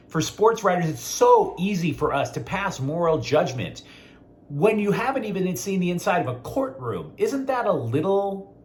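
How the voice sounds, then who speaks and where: A man hosting a sports talk show, giving outspoken, opinionated commentary straight to his viewers. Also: medium pitch.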